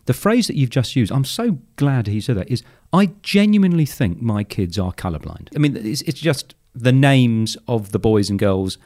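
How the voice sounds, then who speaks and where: A middle-aged man from England, hosting a casual chat and telling lively anecdotes. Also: mid-range voice, moderate pace, hardly any pauses. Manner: animated storyteller, acts out voices in anecdotes. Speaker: podcast host.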